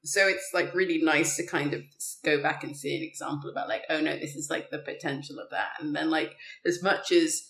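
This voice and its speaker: A woman's voice: low voice, brisk, gravelly, hardly any pauses. A woman co-hosting a podcast, chatting casually about films and laughing often. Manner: chatty, animated, laughs often, many fillers. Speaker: podcast co-host. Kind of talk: casual film chat. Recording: roomy echo.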